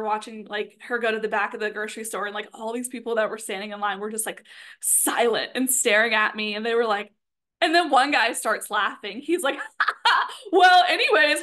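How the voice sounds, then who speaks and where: A young woman with a somewhat high voice tells a personal story. She talks casually and chattily, scattering "like" and "um" through her sentences. The delivery is loose and conversational. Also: a bit bright. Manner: chatty, filler-heavy, with frequent "like". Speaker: spiritual content creator.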